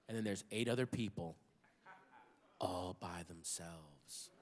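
A man doing a stand-up comedy routine on a theater stage, telling stories with sudden shouted outbursts. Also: high voice. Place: large theater stage with live audience. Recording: live hall recording with crowd.

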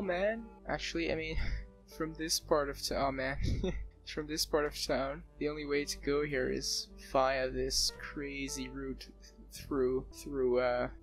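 Excitable gravelly-voiced man playing a game. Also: fairly high pitch. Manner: excitable, laughs often, exclamations. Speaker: let's play gamer. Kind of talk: casual gameplay commentary. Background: soft background music.

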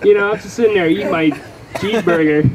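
This young stand-up comic talks fast in a high voice with a Texan accent, rambling and cursing through his set. Fillers and self-deprecating asides pile up while the live crowd at the comedy venue laughs, all captured in low-quality audio.

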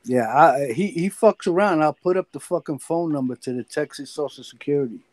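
A man's voice: on the high side, a little fast, darkish tone, dry recording. A man co-hosting a casual live-stream chat over a video call, blunt and profane, stammering over repeated words.

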